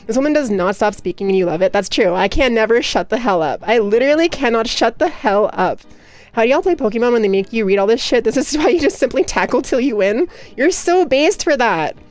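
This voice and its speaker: A young woman livestreamer chatting casually with her viewers, talking rapidly and nonstop with hyperactive energy. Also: fairly high pitch, lively intonation, a little mellow, soft background music. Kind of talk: casual chat with stream viewers.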